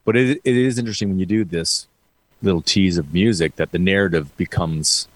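A man's voice: deep voice, a little fast. A man in a casual interview, musing thoughtfully. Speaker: band guitarist, guest.

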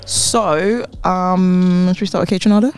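A man's voice: high voice, fairly even intonation, unhurried. A man co-hosting a podcast, chatting casually about new music with many ums and yeah-no fillers. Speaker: podcast co-host.

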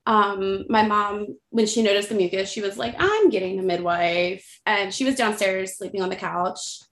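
A woman in her thirties casually telling her birth story as a podcast guest, animated and acting out the voices of others. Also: medium pitch, normal speed. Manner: animated, acts out quoted voices, frequent likes. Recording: roomy echo.

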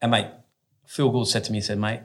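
A man's voice: lowish voice, little pitch movement, quick pace. A man in his forties with an Australian accent, a former athlete telling stories as a podcast guest in a blunt, casual way, swearing freely and often restarting his sentences.

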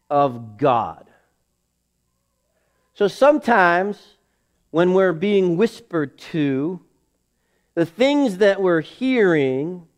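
Slow, emphatic preaching man. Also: clear, resonant tone. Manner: preaching with emphatic rises, drops to low acted inner voices. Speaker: pastor. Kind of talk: sermon.

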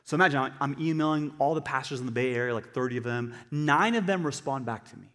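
A male pastor giving an animated sermon, swinging between quiet asides and loud emphatic bursts. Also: mid-range voice, fast, background noise. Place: church hall. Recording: long hall reverb.

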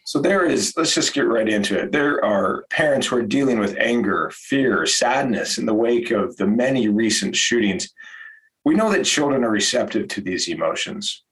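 A man's voice: mid-range voice, animated, normal speed, fairly bright tone, low-quality recording. A man hosting a podcast interview, reading a scripted intro and then asking prepared questions. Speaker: podcast host.

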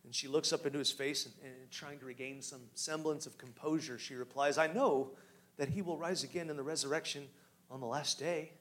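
High-voiced preaching man, hushed to rousing. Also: fairly even intonation, a little fast. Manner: swings from hushed storytelling to loud, rising exhortation; guides listeners with direct questions. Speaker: pastor. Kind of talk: sermon.

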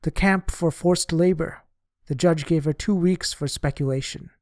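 A man's voice: a little high, normal speed, a little mellow, no room sound, clean studio sound, lightly acted. A man reading the lines of a young girl who sells cigarettes on the street, in a direct, plain-spoken way. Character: young street girl selling cigarettes, frank and hard-pressed.

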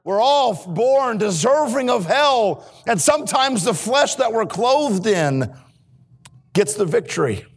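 A man preaching a sermon in a church as a missionary, earnest and swinging between hushed and emphatic delivery. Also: high-pitched, big pitch swings, slow pace, slightly rough. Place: church sanctuary.

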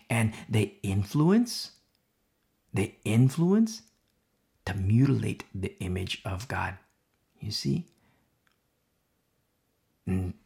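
A man preaching a sermon, emphatic and repetitive, swinging from loud to hushed. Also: mid-range voice, creaky.

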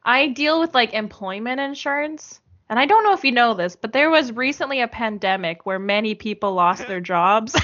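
Woman, casual chat, rambling fillers, bright tone, dull lo-fi sound. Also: fairly high pitch. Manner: chatty, giggly, lots of filler words.

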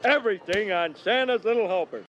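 An actor voicing a bumbling, excitable middle-aged cartoon dad who talks in gushing bursts. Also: male voice, sits high, fairly quick, dull audio, a little hiss or hum. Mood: excited. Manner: gushing, overexcited.

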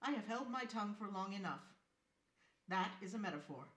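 A woman's voice: medium pitch, expressive, fairly quick, fairly bright tone, roomy sound, far from the mic, close to an everyday voice. A woman voicing a female AI home assistant in a play reading, competent and friendly with a slightly mechanical, firm delivery. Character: female AI home assistant device, calm and assertive.

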